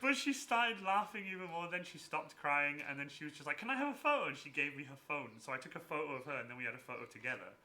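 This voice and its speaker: Bright, animated man telling stories. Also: fairly high pitch, fast, hardly any pauses. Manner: animated, acts out voices in anecdotes. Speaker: cosplayer and stream host. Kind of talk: casual storytelling chat.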